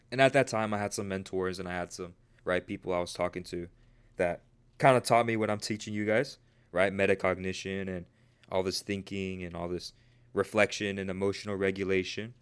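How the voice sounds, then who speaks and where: Casual young man with a smooth voice. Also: deep voice, steady tone, normal speed. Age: 20s. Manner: casual, peppered with "right?" and "bro"; earnest, motivational. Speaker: trading livestream host. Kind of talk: casual livestream chat.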